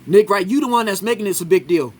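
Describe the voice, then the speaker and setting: A man's voice: high-pitched, fast talker. A man giving an argumentative reaction commentary on a sports clip, keeps asking "right?" after his points.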